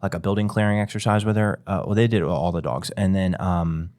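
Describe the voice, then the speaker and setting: Dog trainer guy on a podcast, low voice, talks quick, lots of um and like. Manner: relaxed, rambling with many fillers. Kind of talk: casual chat.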